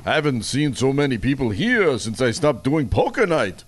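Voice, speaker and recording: A man's voice: mid-range voice, sing-song, normal speed, pitched above the performer's own voice. A man doing a hammy vampire comic. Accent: mock Transylvanian. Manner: corny punchlines, groaning at own jokes. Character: hammy Dracula-style male vampire comedian. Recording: noisy playback with clicks.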